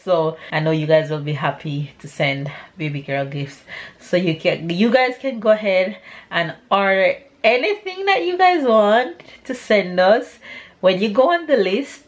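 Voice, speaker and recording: A young adult woman making a casual cooking vlog at home, chatty and giggly, humming little tunes as she goes. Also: medium pitch. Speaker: vlogger. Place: home kitchen. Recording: echoey kitchen, faint noise.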